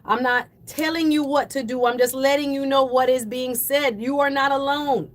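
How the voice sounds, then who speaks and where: A woman hosting a call-in radio show, delivering impassioned, preachy commentary that swells toward yelling. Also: high voice. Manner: fiery, preachy, rising to yelling then apologizing. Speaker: radio talk show host.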